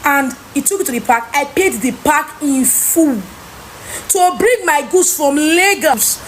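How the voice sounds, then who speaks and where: High-voiced exasperated Nigerian woman. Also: expressive, a little slow, a little hiss or hum. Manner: exasperated, mimics others in Pidgin. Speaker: trader telling of lost goods. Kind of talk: animated personal storytelling.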